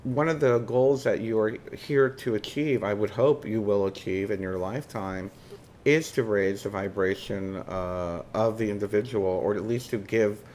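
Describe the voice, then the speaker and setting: A man's voice: fairly low pitch, normal speed, a little mellow, slight background noise. A man hosting a casual interview, hesitant and searching for words with many uhs. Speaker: interview host.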